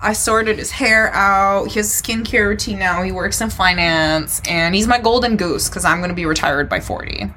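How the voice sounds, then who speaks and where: A young adult woman co-hosting a podcast, joking crudely in casual chat with a drawn-out deadpan delivery. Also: medium pitch, slight background noise, low-quality recording. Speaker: podcast co-host.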